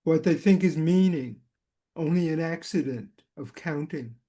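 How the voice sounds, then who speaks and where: Slow, mellow, deadpan male reader. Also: on the high side. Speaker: regular reader. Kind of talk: poetry reading.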